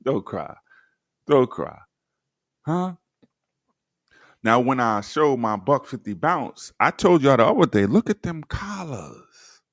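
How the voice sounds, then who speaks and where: A man's voice: medium pitch, big pitch swings, takes it slowly, long pauses, dry recording, studio quality. A man hosting a livestream, reading old documents aloud and commenting sardonically, talking straight to his viewers. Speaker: livestream host.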